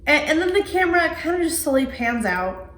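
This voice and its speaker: A woman co-hosting a casual horror podcast, retelling movie scenes in an animated way. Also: high voice, brisk. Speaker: podcast co-host. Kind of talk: casual movie review chat. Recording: roomy echo, faint background noise.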